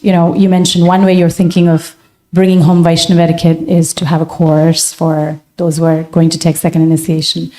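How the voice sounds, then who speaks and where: A woman's voice: on the low side, warm tone. A woman in the audience asking a long, earnest question, rambling with many fillers.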